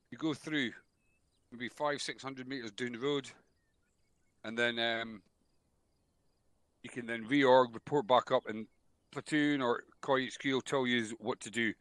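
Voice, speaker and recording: A man's voice: mid-range voice, a bit bright, dry recording. Casting: man, game-unit instructor, blunt and sweary with jokes, headset voice chat, dry sound. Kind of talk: military briefing in a game.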